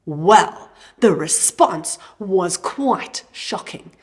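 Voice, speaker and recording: A woman's voice: on the low side, lively intonation, extremely slow. A woman teaching children at church, telling a Bible story expressively and dropping to a whisper for emphasis.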